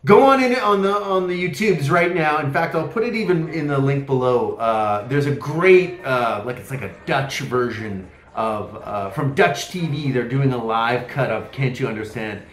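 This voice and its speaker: A man's voice: medium pitch, lively intonation, moderate pace, hardly any pauses, echoey room. A man casually reviewing records from his collection, enthusiastic and rambling, full of fillers and exclamations. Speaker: vinyl collector vlogger.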